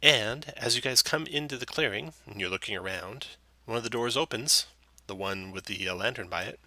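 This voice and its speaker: A man narrating as dungeon master in a relaxed, meandering way, with plenty of fillers. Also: on the low side, normal speed, dry recording. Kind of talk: narrating a tabletop game.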